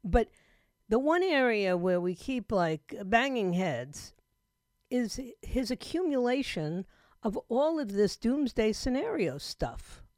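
Middle-aged lady radio host, emphatic chatty rant, goes loud then real quiet, dry close studio mic. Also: on the high side, big pitch swings, takes it slowly, no room sound. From South Florida. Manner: emphatic, conversational, swings between loud and hushed. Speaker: radio talk show host. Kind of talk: opinionated talk radio monologue. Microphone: studio microphone.

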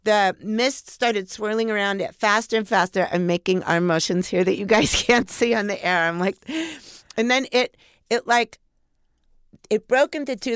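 A middle-aged woman who is a podcast guest, telling a story in a casual, animated way and swearing freely. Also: a little high, clear, resonant tone, no echo, clean studio sound. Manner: animated, profane, acts out her inner voices. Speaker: podcast guest, paranormal investigator.

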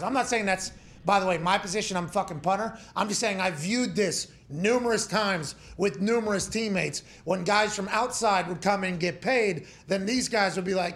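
A man hosts a casual sports talk show. His voice sits a bit high and carries a gravelly rasp. He tells his stories with plenty of profanity and a lot of energy. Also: moderate pace. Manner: profane, animated storytelling. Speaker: show host.

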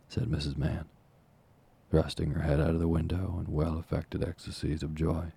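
A man narrating a classic novel as an audiobook in a measured, formal storytelling manner. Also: a bass voice, flat delivery, gravelly, mellow, slightly rough.

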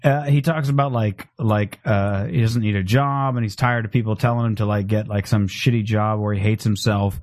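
A man's voice: on the low side, fairly even intonation, moderate pace, hardly any pauses, a little mellow, no room sound, clean studio sound. A man co-hosting a casual podcast who presses his point and repeats himself to drive it home. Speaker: podcast co-host. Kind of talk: casual chat.

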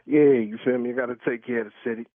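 A man on a phone call, cursing and heated, with bursts of disbelieving laughter. His voice comes through a thin, phone-like line with no room sound at all. Pitch sits in the middle for a man. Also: little pitch movement, rapid-fire, no room sound. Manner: heated, swearing, incredulous laughs. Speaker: prank call target. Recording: tinny dry phone line.

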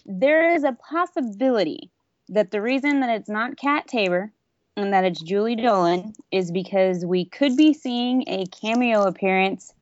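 A woman's voice: mid-range voice, lively intonation, normal speed, no echo. A woman co-hosting a casual podcast chat, earnest and opinionated, explaining her views at length. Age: adult. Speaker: podcast co-host. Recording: slightly dull dry audio.

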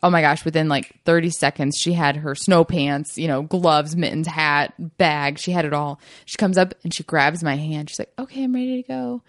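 A young adult woman co-hosting a podcast, telling stories in a casual, animated way and acting out quotes. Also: low voice, moderate pace, hardly any pauses, no room sound, studio quality. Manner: animated storyteller who acts out quotes. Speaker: podcast co-host. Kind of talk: casual storytelling chat.

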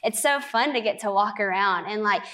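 A woman's voice: medium pitch, a little fast, pushed and bright. A twenty-year-old woman sharing her faith story as a guest, earnest and chatty, with lots of "like.". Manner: earnest, chatty, heavy use of "like". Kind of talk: faith testimony in conversation.

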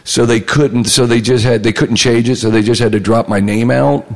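Gravelly man telling a story. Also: mid-range voice, moderate pace, in a large hall. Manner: animated, acts out other people's lines. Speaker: comedy writer, guest. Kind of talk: casual storytelling.

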